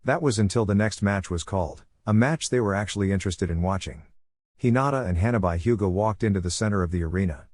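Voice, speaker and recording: A man reading a fan fiction story aloud in a steady, even narration. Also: fairly low pitch, fast talker, no echo, clean studio sound.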